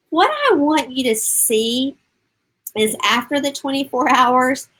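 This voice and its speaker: A woman's voice: sits high, animated, takes it slowly, fairly bright tone, breathy edge, rough recording. Middle-aged woman, parenting coach on a live stream, upbeat and encouraging, talks straight to her viewers. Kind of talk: live-stream talk answering viewer comments.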